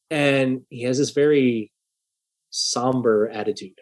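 A man's voice: on the high side, normal speed. A young man casually telling a story, swearing freely and acting out a heated argument in quoted dialogue. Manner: profane, animated, acts out heated dialogue.

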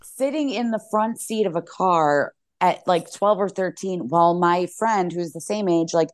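A woman's voice: on the low side, moderate pace. A woman on a podcast panel in casual chat, telling candid stories with laughter.

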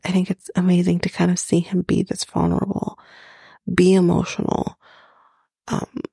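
Casual gravelly woman podcast recapper. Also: lowish voice, warm tone, dry recording, clean studio sound. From Canada. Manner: chatty, swears, frequent fillers and asides. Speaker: podcast host recapping a TV episode.

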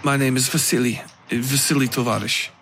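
A man voicing a stiff, proper foreign gentleman traveler who speaks formally and gets flustered easily. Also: mid-range voice, fairly even intonation, brisk, slight background noise, close to an everyday voice.

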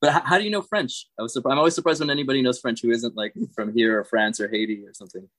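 A man speaks as a guest in a relaxed podcast chat, joking and laughing often. His mid-range voice sounds close and dry, with no room echo. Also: mid-range voice, racing. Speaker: videocast creator, guest. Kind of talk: casual conversation.

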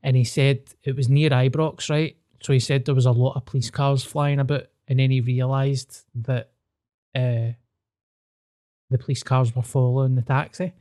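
A Scottish man hosts a podcast, telling stories in casual, sweary chat and laughing easily. His voice is medium in pitch and dark in tone, with a level delivery at a moderate pace.

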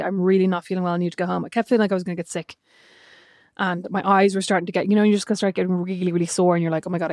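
A woman co-hosting a casual podcast, telling an animated story full of asides. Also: mid-range voice, dry recording, studio quality. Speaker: podcast co-host. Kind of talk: casual chat.

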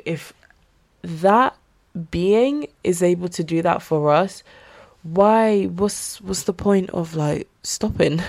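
A woman's voice: on the low side, gravelly, dark tone. Earnest, chatty young woman podcasting. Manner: chatty, earnest, with frequent fillers and laughs. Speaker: podcast host. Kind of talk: casual solo podcast talk on faith.

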